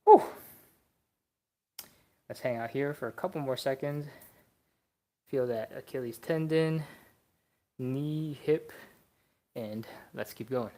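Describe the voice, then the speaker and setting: A young adult stretching instructor leading a live class, coaching casually and counting reps between breathy exhales. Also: mid-range voice, measured pace, pauses often, warm tone.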